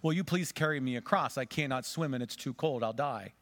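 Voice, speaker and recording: A man's voice: fairly quick, fairly bright tone, no echo, lightly acted. A man voicing a cunning serpent that begs to be carried across a cold river. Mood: pleading. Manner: high, pleading, insistent. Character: sly pleading serpent, cunning and wheedling.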